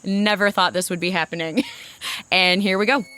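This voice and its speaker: A woman's voice: medium pitch, fairly even intonation, moderate pace, over loud music. A woman who is a paranormal team member telling how she joined, in an eager, amazed way. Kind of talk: personal account in an interview.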